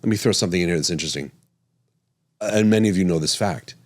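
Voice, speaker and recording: Animated man with a low voice. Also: fast. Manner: animated, chuckling, restarts and self-corrections. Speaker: podcast host and physician. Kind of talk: casual podcast monologue.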